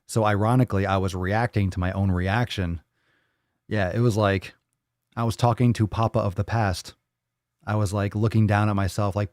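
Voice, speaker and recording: A man's voice: fairly low pitch, fairly even intonation, moderate pace, darkish tone, dry recording, studio quality. A man hosting a live stream, chatting loosely with viewers, joking and swearing as he reads their comments. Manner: loose, profane and joking, reading chat aloud. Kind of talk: casual live-stream chat.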